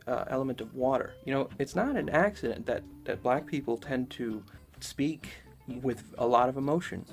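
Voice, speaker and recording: A man giving a casual, rambling spoken lecture, talking loosely with lots of fillers. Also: mid-range voice. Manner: rambling, conversational, many fillers. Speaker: esoteric lecturer.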